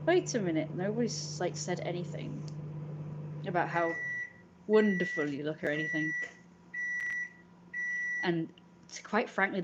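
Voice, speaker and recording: Playful woman livestreaming, lowish voice. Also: a little mellow, a little hiss or hum, rough recording. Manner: jokey, rambling, swears casually, answers chat aloud. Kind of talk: casual livestream chat in a playful royal persona.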